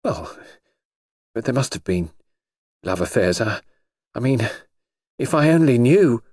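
A man voicing a nervous, uneasy young wife in an audiobook reading, hesitant and halting. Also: mid-range voice, sing-song, darkish tone, no echo, studio quality, voice pushed up.

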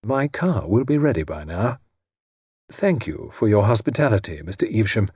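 A calm, knowing gentleman, as a man voices him in an audiobook. His measured delivery rises and falls freely. The voice is slightly husky and dry. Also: lowish voice, dry recording.

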